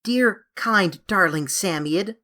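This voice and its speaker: A woman's voice: medium pitch, expressive, takes it slowly, sharp tone. A woman voicing an eager, coaxing young English girl who pleads dramatically, in a storybook reading. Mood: pleading.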